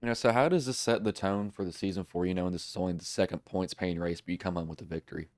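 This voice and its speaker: Young man, stuffy nasal voice from a cold, very low pitch, casual rambling stream host. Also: steady tone, quick pace, darkish tone, no room sound. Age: young adult. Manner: casual, rambling wrap-up talk. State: sick, nasal and congested. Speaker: broadcast host. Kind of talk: casual live-stream commentary.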